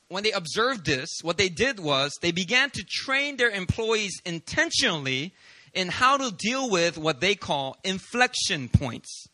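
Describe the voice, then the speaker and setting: Pastor guy preaching, pretty high voice, super bright, dry close sound. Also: no room sound. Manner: animated, confessional storytelling with humor. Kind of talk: sermon.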